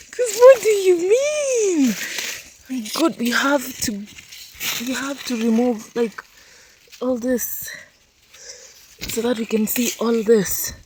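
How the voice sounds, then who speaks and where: Strolling through her vegetable garden outdoors, a young woman leads a casual farm-tour vlog, animatedly exclaiming over her crops while scolding and cooing at her dogs. Her voice is on the high side, slow with long pauses, and there's background noise.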